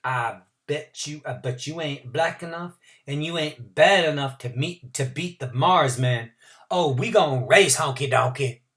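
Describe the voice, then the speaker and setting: A man's voice: on the high side, measured pace, fairly bright tone. Swaggering teen boy bully from a storybook read-aloud, cocky street slang , a man putting it on. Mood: taunting. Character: cocky teenage boy, tough, taunting rival.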